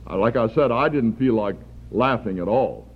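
A man preaching a sermon, earnest and deliberate, lifting his voice for emphasis. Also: on the low side, animated. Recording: tinny phone-like archival recording.

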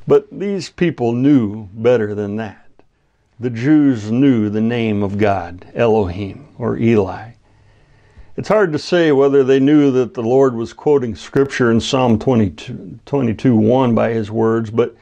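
A man preaching a sermon, teaching through a Bible passage in a measured, deliberate way and quoting scripture. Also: mid-range voice, darkish tone. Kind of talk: expository sermon.

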